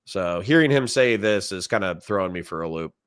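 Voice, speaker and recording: A man's voice: low-pitched, lively intonation, a little fast, fairly bright tone, clean tone. A man hosting a reaction video, commenting on a played clip in an exasperated, sarcastic rant and thinking aloud as he types out lists.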